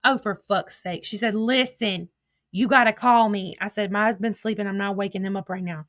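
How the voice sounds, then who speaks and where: A woman's voice: medium pitch, fairly even intonation, moderate pace, a bit bright, dry recording. Profane, gossipy woman reading texts aloud. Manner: profane, laughing, gossipy storytelling. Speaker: social media streamer. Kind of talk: casual commentary reading text messages aloud.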